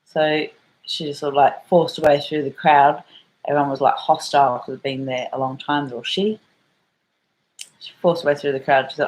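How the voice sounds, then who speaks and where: A woman's voice: low-pitched, steady tone, fairly quick, a little mellow, a little hiss or hum, rough recording. A middle-aged woman with an Australian accent, telling a rambling story for her vlog in a chatty way, full of slang and the odd swear word. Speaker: vlogger.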